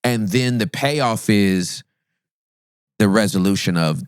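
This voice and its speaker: A man, a pastor and podcast guest, telling a funny story in a playful, self-mocking way and swooping up high for the punchlines. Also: a little slow, dry recording, clean studio sound. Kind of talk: animated comic storytelling in a podcast interview.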